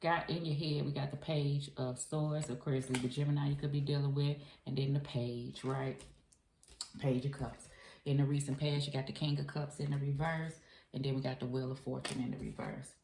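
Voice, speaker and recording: A woman's voice: extremely low pitch, steady tone, normal speed, creaky, a little mellow, roomy sound, slight background noise. A woman giving a chatty, emphatic tarot reading to her viewers, speaking casually with frequent profanity. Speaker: tarot reader.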